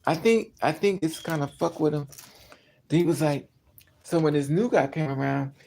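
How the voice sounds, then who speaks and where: A woman chatting on a livestream, telling a story in an animated way with sudden outbursts. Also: sits low, moderate pace, vocal fry, a little hiss or hum. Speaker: livestream host. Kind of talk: casual storytelling.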